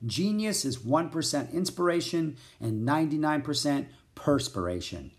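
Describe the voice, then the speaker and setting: A man's voice: on the high side, expressive, moderate pace. A man doing a twinkly, wry old inventor. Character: cheerful older male inventor, twinkly and wry.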